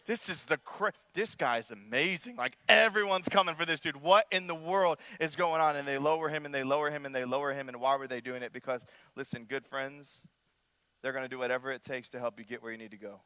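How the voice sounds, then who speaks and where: Animated bright-voiced young preacher. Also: male voice, medium pitch, a little fast, no echo. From United States. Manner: animated, acts out quoted voices, talks straight to the crowd. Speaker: young adult ministry pastor. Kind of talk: sermon.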